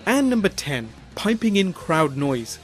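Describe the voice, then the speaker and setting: A man reading a scripted countdown narration in a measured, explanatory tone. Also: sits high, faint music behind. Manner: measured, reads numbered entries in an even explanatory tone.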